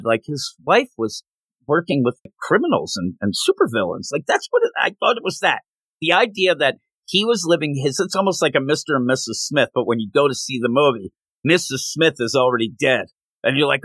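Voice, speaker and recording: A man's voice: on the high side, very animated, moderate pace, creaky, fairly bright tone, no echo. A man hosting a comic book podcast, chatting casually and acting out characters' lines in silly voices. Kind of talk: casual chat.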